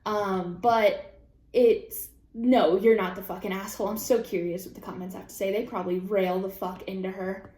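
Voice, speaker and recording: Young woman ranting casually, cusses a lot, echoey room. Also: moderate pace. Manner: animated and profane, with sudden high-pitched outbursts. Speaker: craft vlogger reading and reacting to online posts. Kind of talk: casual chat.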